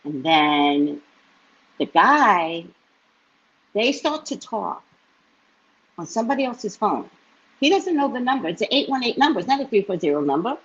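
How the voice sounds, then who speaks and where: A woman psychic reader telling a story to her live-stream viewers in a casual, animated way, often tagging lines with "right?". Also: mid-range voice, breathy edge. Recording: dull lo-fi stream audio.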